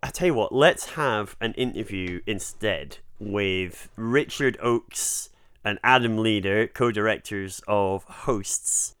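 A man's voice: on the low side, slow pace, fairly bright tone, clear, resonant tone, no echo, studio quality. A Scottish man co-hosting a podcast in casual chat, joking, swearing freely and laughing often. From Scotland. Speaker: podcast co-host.

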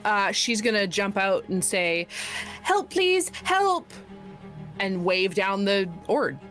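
A woman's voice: mid-range voice, steady tone, a bit bright, faint music behind. A woman playing a tabletop game, describing her character's actions in a tentative way. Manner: unhurried, tentative. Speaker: player.

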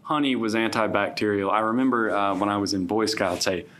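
A man's voice: fairly low pitch, steady tone, a little fast, a bit bright. A man co-host in casual chat, hesitant and repeating words as he thinks aloud. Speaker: podcast co-host.

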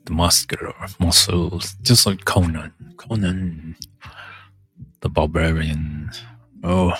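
A man with a deep, slightly rough and somewhat bright voice talks slowly and fairly evenly, with faint music in the background. His casual monologue meanders, and he keeps breaking off to hum filler tunes.

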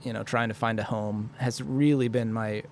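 A man's voice: on the low side, steady tone, moderate pace, vocal fry, a little hiss or hum. Rambling, profane man on mic. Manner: rambling, profane, self-deprecating. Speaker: podcast host. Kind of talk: solo podcast rant. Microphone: studio microphone.

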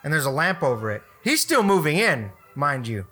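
A man's voice: on the high side, very animated, normal speed, pushed and bright, soft background music. A man casually telling a rambling work story on a podcast, swearing freely and restarting his sentences.

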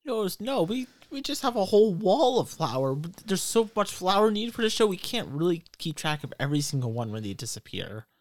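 A game master putting on a flustered crew assistant, his voice pitched well up, hurrying and stammering to defend himself. It sits dry and close to the mic. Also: big pitch swings, fairly quick, hardly any pauses, no room sound. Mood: defensive.

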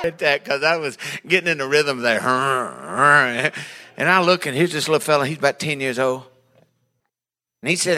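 A man's voice: fairly high pitch, normal speed, pushed and bright. A man preaching a sermon, telling folksy, humorous stories and acting out the voices of the people in them. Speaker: pastor. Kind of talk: storytelling sermon.

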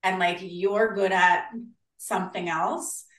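An Australian woman chatting as a podcast guest, animated and acting out the voices of people she quotes. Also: fairly low pitch, slow pace, faint music behind. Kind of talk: casual interview chat. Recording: roomy, distant from the mic.

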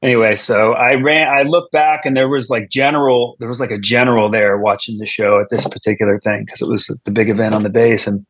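A man's voice: mid-range voice, steady tone, brisk, few pauses, a bit bright, no echo. A man, a comedian guest, telling a long story in casual chat, rambling with restarts and asides.

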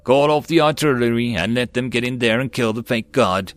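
A man's voice: mid-range voice, a little fast, no room sound, lightly acted. A man voicing a decisive army major giving orders over the radio, in a slightly raised voice. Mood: commanding. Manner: barking orders. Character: commanding male army major, gruff and decisive.

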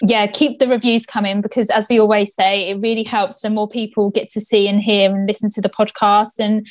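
A woman co-hosting a casual podcast, cheerful and quick to laugh. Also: medium pitch, flat delivery. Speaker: podcast co-host. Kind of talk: casual chat.

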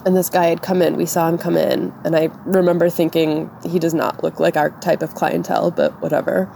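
A woman's voice: on the low side, flat delivery, fairly quick, vocal fry, dark tone, slight background noise. A woman podcast co-host telling a personal story in a casual way, with lots of "like". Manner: tearful and shaken, voice breaking. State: crying.

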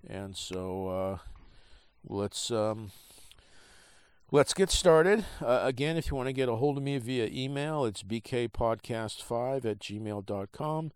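A man hosting a podcast, reading a trade article aloud in a halting, casual way with many fillers, and he has the hiccups. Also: medium pitch, a little mellow, smooth, dry recording. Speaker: podcast host.

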